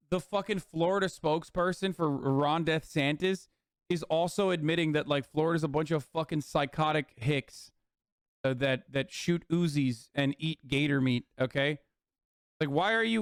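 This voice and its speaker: Man, streamer, casual ranting chat, profane, crisp tone, no room echo. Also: fairly high pitch, normal speed, studio quality. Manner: reads viewer messages aloud. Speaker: streamer host.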